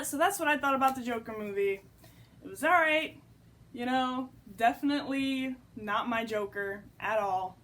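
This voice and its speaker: A woman's voice: mid-range voice, a bit bright, slight background noise. A young woman giving a blunt, casual movie review, full of "like" fillers and offhand swearing.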